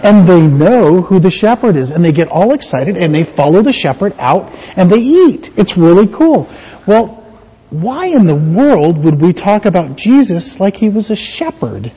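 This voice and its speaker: A man's voice: high-pitched, sing-song, unhurried, mellow, slightly rough, lo-fi sound. A man pastor giving a playful children's sermon in a church, quizzing the kids with questions.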